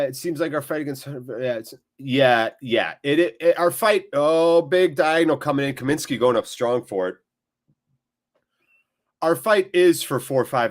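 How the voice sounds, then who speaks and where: A man hosts a live football watchalong in a medium-pitched voice. He jumps into excitable play-by-play when the action heats up, then settles into easygoing chat with his viewers. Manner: excitable play-by-play mixed with chatty replies to viewers. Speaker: watchalong host. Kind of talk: live match watchalong commentary.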